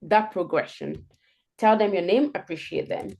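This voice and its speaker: A woman leading a live group coaching call over video, playful and animated, acting out sample answers as she explains them. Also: fairly low pitch, normal speed. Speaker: career coach.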